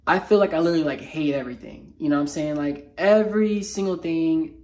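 A somewhat mellow-voiced man, a mental health motivational speaker, speaks without a script in his personal vlog while in a low mood. His words are halting and emotionally raw, with frequent slangy fillers and restarts.

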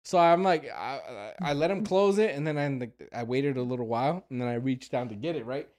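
A young man telling a story on a casual podcast, animated and profane, often laughing. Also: medium pitch, a little fast. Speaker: podcast co-host.

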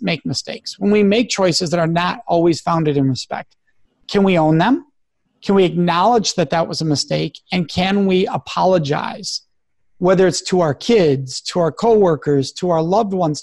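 A man with a notably high speaking voice, earnest and emphatic. He talks as the guest in an interview, laying out advice point by point. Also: a little mellow. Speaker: guest expert. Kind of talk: interview conversation.

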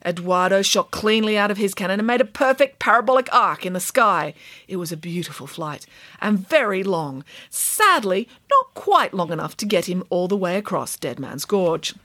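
A woman's voice: medium pitch, expressive, normal speed, a bit bright, no echo, clean studio sound. A woman reading a children's storybook aloud, narrating with wry, playful asides to the listener.

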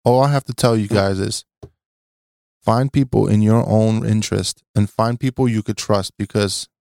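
A man's voice: lowish voice, fairly even intonation, moderate pace, creaky, a little mellow, no room sound, clean studio sound. A man who is a guest on a podcast, talking in an impassioned, urgent way and often repeating "listen" to rally his listeners. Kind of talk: casual podcast chat.

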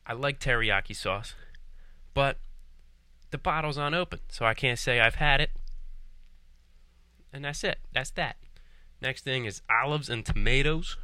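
Bright, joking young man from Philadelphia. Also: on the low side, clear, resonant tone, no echo. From Philadelphia, Pennsylvania. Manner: jokey, rambling, mock-indignant about food. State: a bit out of breath. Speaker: podcast guest. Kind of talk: casual monologue answering questions.

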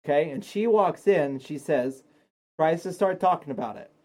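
A man telling a story on a casual home podcast, swearing constantly and getting animated as he goes. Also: fairly high pitch, normal speed. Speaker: streamer's partner. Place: home stream office.

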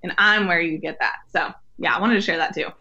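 A young woman speaks with a bright, tense edge, sharing her faith story in an earnest, storytelling way with small laughs. Her audio sounds a bit muffled and lo-fi. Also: on the low side, fast. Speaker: podcast guest, women's ministry leader. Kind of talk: faith-based interview conversation.

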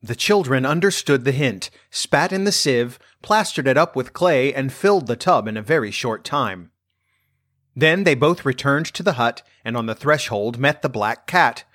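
A man reading a fairy tale aloud in a gentle, measured storytelling manner. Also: mid-range voice, animated, no room sound, clean studio sound.

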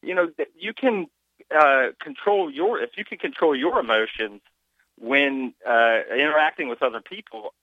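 A man calling in to a radio show, telling a story haltingly with many fillers. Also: mid-range voice, dry recording. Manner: halting, lots of uh and you know. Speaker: caller. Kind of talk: phone-in chat. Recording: muffled phone-in audio.

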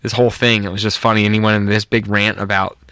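A man's voice: on the low side, quick pace, smooth, no echo, studio quality. A man from North America co-hosting a podcast, chatting casually and telling rambling stories. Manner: rambling storyteller, lively when telling stories. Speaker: podcast co-host. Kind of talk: casual chat.

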